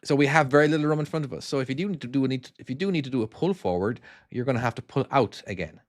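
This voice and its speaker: A man's voice: mid-range voice, expressive, very fast, dry recording. Chatty Cork Irish man, dry close mic. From Ireland. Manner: rambling, restarts sentences, explains with "all right?". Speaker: game streamer and former truck driver. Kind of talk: casual live-stream commentary reading chat.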